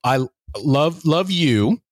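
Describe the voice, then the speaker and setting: A man's voice: a little high, expressive, drawn-out words, dry recording, clean studio sound, exaggerated voice. A man playing a laid-back middle-aged king who talks in a casual, placating way.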